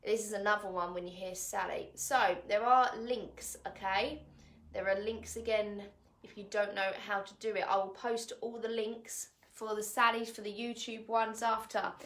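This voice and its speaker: A woman's voice: mid-range voice, fairly even intonation, unhurried, a bit bright. A woman fitness coach, leading a live online workout at home in a chatty, upbeat way and laughing often. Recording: echoey room.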